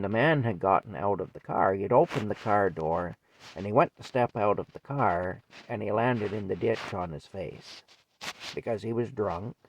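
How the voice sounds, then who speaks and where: Older man with a deep gravelly voice. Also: a little hiss or hum. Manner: rambling, folksy, repeats himself. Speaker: storyteller. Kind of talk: casual spoken memoir.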